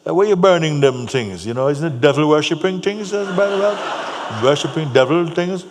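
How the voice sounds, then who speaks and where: A man doing a gruff, crusty Jamaican man. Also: fairly high pitch, lively intonation, brisk, pitched above the performer's own voice, close to an everyday voice. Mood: suspicious. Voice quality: crusty, gravelly voice. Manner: loud, blunt questioning. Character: big gruff Jamaican man, suspicious street passer-by. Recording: long hall reverb, faint hum.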